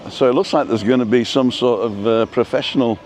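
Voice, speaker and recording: A man's voice: medium pitch, fast talker, darkish tone. A chatty man hosts a live stream as he strolls through a seaside town. He keeps up easy, joking talk and calls out viewers by name. Faint traffic and street sounds drift in behind him. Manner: chatty, jokey, reads out viewer names. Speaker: vlogger host. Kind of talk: casual live-stream chat while walking.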